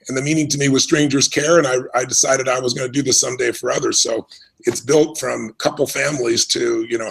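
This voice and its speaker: An earnest middle-aged man from the United States, recounting his past at an unhurried, reflective pace. His voice is gravelly with a husky edge, and he often restarts his sentences as he speaks. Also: medium pitch, fairly bright tone, poor audio. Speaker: interview guest. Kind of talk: conversational storytelling.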